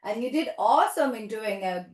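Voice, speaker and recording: A woman's voice: a little high, animated, moderate pace, a little mellow. A woman leading a toddler yoga class in a sing-song, encouraging way, with playful animal sounds. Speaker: children's yoga teacher. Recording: echoey room.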